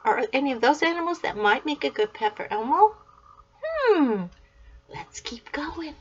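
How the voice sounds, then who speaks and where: A woman's voice: high-pitched, big pitch swings, normal speed, lo-fi sound. Sing-song older woman reading to kids. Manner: sing-song, asks the listener questions and praises answers. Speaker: storytime host reading a picture book to children. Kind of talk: gentle read-aloud to young children.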